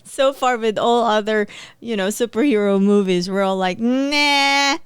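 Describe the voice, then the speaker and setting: A woman's voice: medium pitch, moderate pace, clean tone, dry recording. A woman co-hosting a casual reaction chat, chiming in with short remarks and easy laughs. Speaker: co-host.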